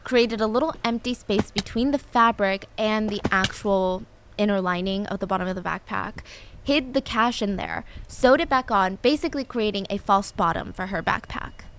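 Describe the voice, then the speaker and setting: A woman's voice: medium pitch, normal speed, slight background noise. A young woman telling a true story in a chatty, casual way, acting out the quotes in the same voice. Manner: chatty, animated, acts out quotes. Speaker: storytelling video host.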